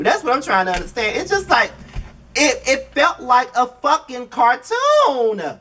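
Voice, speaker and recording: A man's voice: very high-pitched, huge pitch swings, a little slow, pushed and bright, far from the mic, a little hiss or hum. A man giving blunt, profane, exasperated commentary while reviewing a reality TV show. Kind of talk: casual video commentary.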